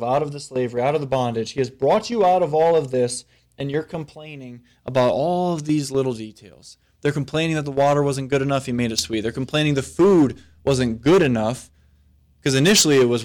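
A man preaching at a mid pitch for a man. He moves between solemn scripture reading and plain, conversational retelling. His volume rises and then drops almost to a murmur. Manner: reads scripture then explains in plain talk; swings from loud to very soft. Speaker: pastor. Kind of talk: sermon.

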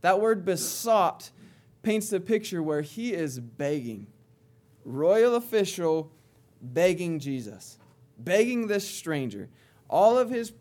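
Conversational male preacher, fairly high voice. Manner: conversational, swings between soft asides and emphatic. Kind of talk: sermon.

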